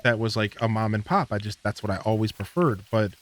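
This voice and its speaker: A man's voice: fairly low pitch, a little fast. A man streaming a farming game, rambling through a casual story with lots of fillers and laughter. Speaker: gaming streamer. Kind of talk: casual gameplay commentary.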